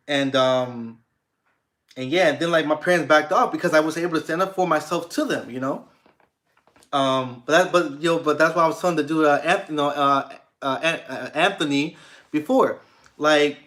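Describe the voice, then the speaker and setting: A man's voice: a little high, moderate pace, fairly bright tone. A young man hosting a livestream, chatting casually with viewers in a rambling way, with many restarts and fillers. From United States. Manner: laid-back, swears casually. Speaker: livestream host. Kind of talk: casual livestream chat reading comments.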